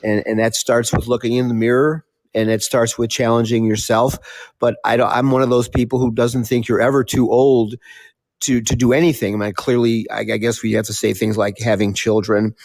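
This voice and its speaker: An older man talking in a measured, thoughtful way about his life, often restarting his sentences. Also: mid-range voice, little pitch movement, a little mellow, no echo. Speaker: talk show speaker. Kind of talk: reflective casual talk.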